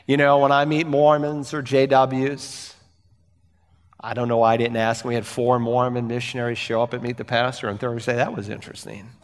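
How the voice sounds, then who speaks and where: A man's voice: medium pitch, level tone, fairly quick, big-room sound. A male pastor preaching a sermon, earnest and emphatic, asking rhetorical questions and repeating key phrases.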